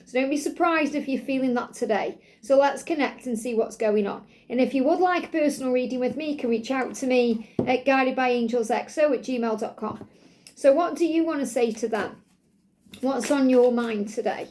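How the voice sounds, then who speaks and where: A woman's voice: sits high, normal speed, darkish tone. A woman hosting a spiritual love card reading, speaking in an earnest, soothing way to her listener. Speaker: tarot reader and channel host.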